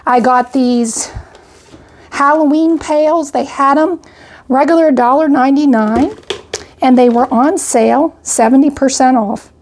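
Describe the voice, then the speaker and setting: Speaking a bit slowly in a high, somewhat mellow voice, an older woman who vlogs about homesteading runs through her groceries item by item. She's chatty and a touch winded, often saying "I got" and "went ahead," and there's slight background noise.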